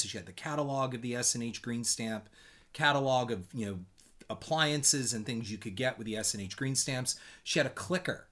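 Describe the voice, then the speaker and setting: A man's voice: medium pitch, fairly bright tone. Dry, teasing man in his fifties telling stories. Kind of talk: casual chat and storytelling with his spouse.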